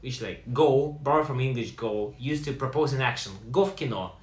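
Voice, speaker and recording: A man teaching language in a lively way, slowing down to pronounce example words. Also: mid-range voice, roomy sound. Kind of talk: online language lesson.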